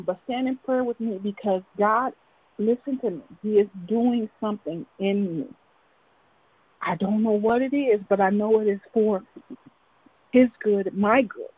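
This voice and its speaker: A woman calling in to share her testimony, speaking in an emotional, halting, earnest way. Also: medium pitch, breathy edge, dry recording. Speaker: caller. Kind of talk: testimony and prayer on a call. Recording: tinny phone line.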